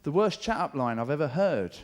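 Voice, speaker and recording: On a comedy club stage, a middle-aged stand-up comedian talks chattily and swears, mimicking voices for his jokes as the audience laughs behind him. His voice runs on the high side, very animated and brisk.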